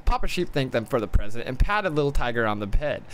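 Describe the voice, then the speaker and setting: A man's voice: mid-range voice, big pitch swings, quick pace, a bit bright, slight background noise. A man reading a storybook aloud on a live game stream, swearing and joking between stumbling lines. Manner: profane, joking asides, stumbles and restarts. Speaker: gaming streamer.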